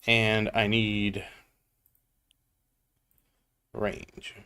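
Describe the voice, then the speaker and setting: A man's voice: on the low side, monotone, extremely slow, pushed and bright, clear, resonant tone. A man streaming a mobile game, chatting casually as he plays and greeting viewers in chat by name. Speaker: gaming livestreamer. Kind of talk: casual gameplay commentary.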